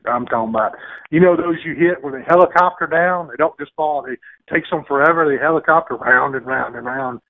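A man's voice: mid-range voice, fairly quick. Man telling a rambling story. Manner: rambling, folksy, lots of restarts and quoted voices. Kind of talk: casual storytelling. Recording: tinny phone-like radio sound.

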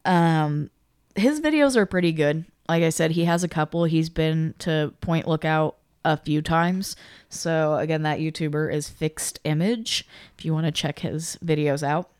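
Low-voiced woman telling a story. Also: a little slow, clean tone, dry recording, studio quality. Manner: animated storyteller, acts out quotes. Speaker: podcast co-host. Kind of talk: casual chat retelling a video.

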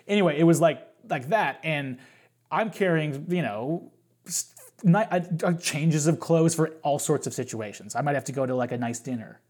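A man's voice: fairly high pitch, moderate pace, a little mellow. A man talking as a podcast guest, telling a long story in a casual, rambling way, full of fillers and restarts.

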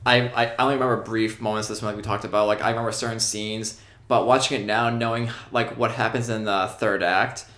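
A man's voice: on the low side, steady tone, fast talker, fairly bright tone, reverberant. A man casually discussing a movie with his co-host, agreeing and adding his own comments. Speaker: podcast co-host.

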